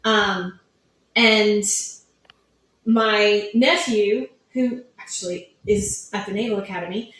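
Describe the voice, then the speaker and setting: A woman's voice: medium pitch, steady tone, slow pace, fairly bright tone, very echoey, poor audio. A middle-aged woman author telling stories about her writing in a casual interview, acting out family members' lines as she goes. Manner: chatty storytelling, acts out family quotes. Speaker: author guest.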